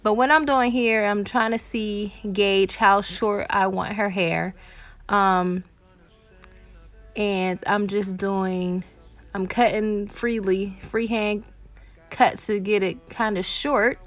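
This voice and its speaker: A woman's voice: medium pitch, fairly even intonation, slow, a bit bright, soft background music. A woman, a mother and hair vlogger, narrating a home haircut in a casual, explanatory voice-over full of ums and likes.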